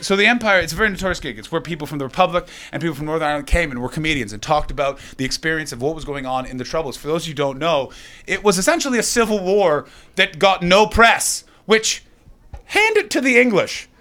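Male stand-up, higher voice, swears freely, bounces off the crowd on a club mic. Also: fast. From North America. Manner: profane, animated riffing with the crowd. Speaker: stand-up comedian. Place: comedy club stage.

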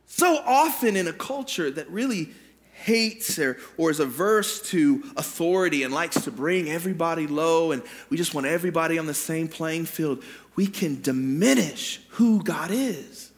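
A man preaching a sermon in a church, dramatic, swinging from booming shouts to hushed low asides. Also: animated, moderate pace. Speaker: pastor. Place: church sanctuary.

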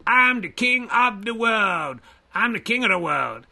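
A man playing a showy impressionist character who shouts exaggerated celebrity impressions. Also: sits high, sing-song, unhurried, gravelly, voice pushed up, exaggerated voice. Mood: shouting. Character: impressionist version of the host, male, showy.

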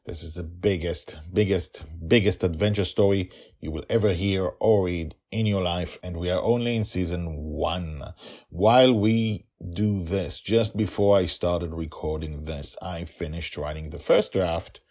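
A male podcast host chatting excitedly and then narrating a fantasy story, often repeating words for emphasis. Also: sits low, unhurried.

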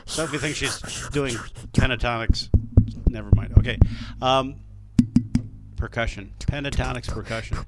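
A man's voice: medium pitch, normal speed, heavy background noise. Rambling, chuckling male podcast host. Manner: rambling, laughs a lot. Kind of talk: casual chat. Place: in a studio at a microphone.

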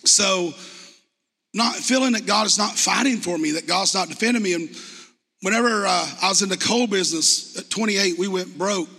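Preaching at a moderate pace, this pastor speaks to his congregation in a high, sharp, somewhat husky voice. The sermon is impassioned though conversational, with many rhetorical questions, and a long church-hall reverb colors the sound.

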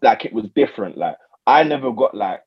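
Young man, casual chat, lively pitch, dull lo-fi audio. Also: a little fast, slightly rough. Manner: animated, laughing, slangy storytelling. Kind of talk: casual chat among friends.

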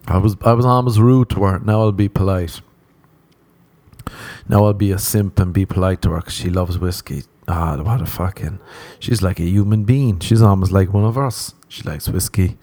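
A man's voice: lowish voice, normal speed, dark tone, dry recording. An Irish man hosting a podcast, rambling through a comic monologue and swearing freely, with a self-mocking manner. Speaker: podcast host.

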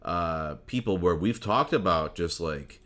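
Very deep-voiced male podcast host. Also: a little slow, crowd noise. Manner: relaxed, swears casually, many "like" fillers. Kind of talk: casual interview chat.

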